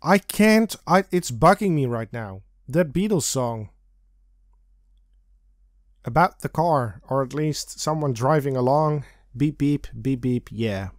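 A man's voice: mid-range voice, lively intonation, slow, dry recording, studio quality. A young man narrating a let's play, chatting, giggling and humming as he reads and clicks along. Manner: chatty, giggly, hums and sings snippets. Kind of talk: game commentary and text reading.

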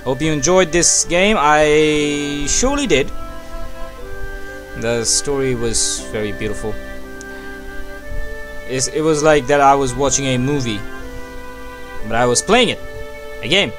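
Excitable young man narrating his gameplay. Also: mid-range voice, measured pace, pauses often, over music. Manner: excitable, talks to himself, frequent yelps. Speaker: gaming channel host. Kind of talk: let's play commentary.

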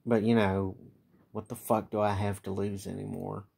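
A tired man venting in a bitter, profane late-night vlog monologue, with many halting restarts. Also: on the low side, little pitch movement, vocal fry, a little mellow, slightly rough. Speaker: vlogger.

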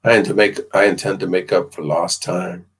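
A man's voice: deep voice, flat delivery, brisk, husky. A man voicing a cruel young male slaveholder who talks in a mocking, ominous drawl. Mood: menacing drawl.

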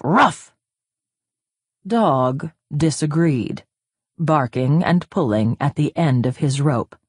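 A woman narrating a children's storybook aloud in an expressive, sing-song way. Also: low voice, slightly rough, dry recording, studio quality.

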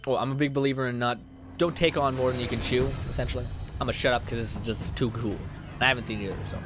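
A man's voice: medium pitch, steady tone, rapid-fire, over music. Chatty young gamer guy. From Canada. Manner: rambling and chatty, lots of fillers and swearing. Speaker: gaming channel host. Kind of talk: casual let's-play commentary.

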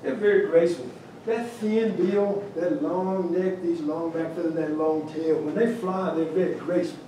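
A man's voice: on the high side, fairly even intonation, moderate pace, mellow, slight background noise, natural voice. A man putting on a blunt Cajun judge. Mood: blunt folksy. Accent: Cajun, put on. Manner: folksy, blunt, broken grammar. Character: blunt older male Cajun bird judge. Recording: echoey hall, mic far off.

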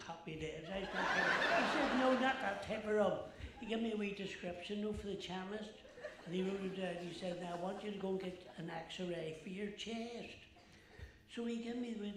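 Fella playing a gossipy northern irish auld woman, high voice, chatty, loud audience hum behind. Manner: rambling, chatty, full of asides to the audience. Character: chatty older Ulster woman, gossipy and bawdy. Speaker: comic stage performer. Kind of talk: stand-up style comic monologue in character. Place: large theatre stage. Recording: echoey theatre with audience noise.

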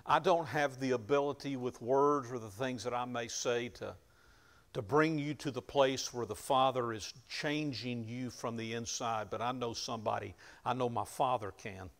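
A man preaching a sermon, retelling scripture in plain conversational words and rising to loud emphasis at key moments. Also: mid-range voice, moderate pace. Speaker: pastor.

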